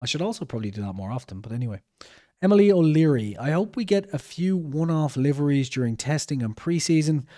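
A man's voice: fairly high pitch, animated, fast, dark tone. A young Irish man hosting a podcast, reading out viewer comments in a rambling, chatty way and often correcting himself. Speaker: podcast host.

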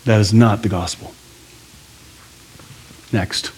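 A man preaching a sermon to a church congregation, conversational and animated, with jokey asides. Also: mid-range voice, normal speed, long pauses. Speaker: pastor.

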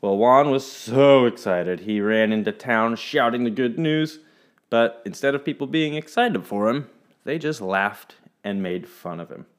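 A man telling a folk tale in an expressive, playful storytelling manner. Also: medium pitch, unhurried.

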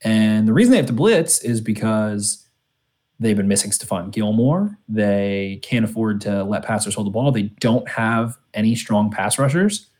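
A man's voice: on the low side, lively intonation, moderate pace, darkish tone. A man co-hosting a sports podcast, talking casually with lots of restarts and fillers. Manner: rambling, many restarts and fillers. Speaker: podcast co-host.

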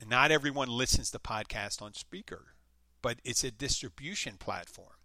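A man's voice: medium pitch, moderate pace, bright, forceful tone, no room sound. A man from the United States, hosting his own podcast in a casual, rambling monologue full of restarts and self-corrections. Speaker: podcast host.

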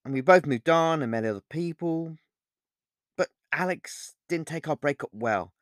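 A man reads an audiobook, lightly acting the part of a young woman in a voice pitched above his own, fairly high with lively intonation at normal speed. She sounds tense, guarded, and uneasy, speaking in a raised, emphatic, apologetic way. The recording is dry with clean studio sound.

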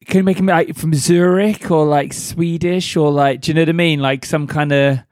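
A man's voice: a little high, steady tone, moderate pace, a little mellow, dry recording, clean studio sound. A man co-hosting, chatting casually with lots of rambling fillers. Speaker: co-host. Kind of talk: casual chat.

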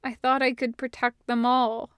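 A woman voicing a shaken young man who speaks in a breathy, hushed voice. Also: on the high side, little pitch movement, normal speed, no echo, close to an everyday voice. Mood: hushed guilt.

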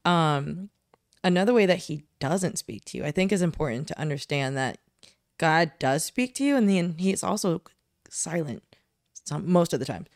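A woman's voice: low-pitched, moderate pace, dry recording, clean studio sound. Young woman, chatty faith podcast. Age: young adult. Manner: animated, leans on "like" fillers. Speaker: podcast co-host. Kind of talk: casual faith discussion.

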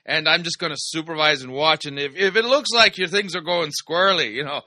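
A man's voice: on the high side, a little fast, dry recording. Man doing a boastful pirate-dad father voice. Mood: boastful fatherly. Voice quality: put-on pirate-style brogue, loud and raised. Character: proud jovial old father doing a mock pirate-dad voice.

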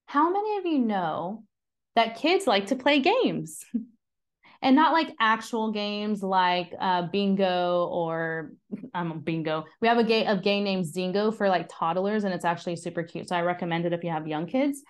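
A woman's voice: medium pitch, normal speed. A woman in her thirties, a mother giving a casual, earnest faith talk who chats with her listeners and asks them questions. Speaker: mom sharing a devotional talk.

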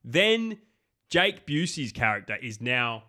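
A man's voice: medium pitch, big pitch swings, slow, sharp tone. A man co-hosting a podcast, chatting casually and animatedly about a film, acting out lines and swearing freely. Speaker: podcast co-host. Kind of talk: casual film review chat.

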